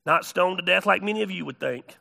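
Pastor guy preaching, high bright gravelly voice, goes quiet then shouts. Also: brisk. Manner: animated storytelling preacher, swinging between hushed and shouted. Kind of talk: sermon.

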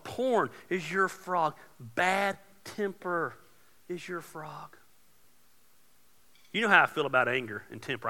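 A pastor preaches a sermon in a casual, joking way that swells into loud, emphatic points. His voice is gravelly and very bright, sitting a little high for a man. It rings out with the long reverb of a large hall.

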